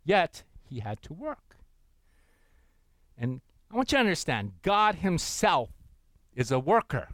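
Man preacher, middle-aged, animated sermon delivery, dry close sound. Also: a little high, unhurried, long pauses, dry recording. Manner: animated, calls for congregation responses, often repeats words.

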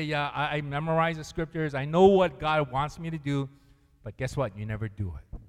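A male pastor preaching with lively energy, pulling his listeners into reading scripture aloud with him. His voice sits a little high for a man. The sound carries a long reverb, as if he is recorded in a church hall. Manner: animated, calls congregation to read along. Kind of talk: sermon.

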